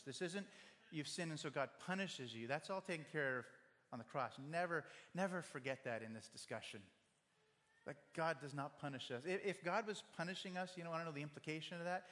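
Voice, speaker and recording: A man's voice: on the high side, lively intonation, fairly quick, fairly bright tone. A man preaching a sermon, earnest and direct, speaking to one listener at a time and acting out quoted voices. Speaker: pastor. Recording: long hall reverb.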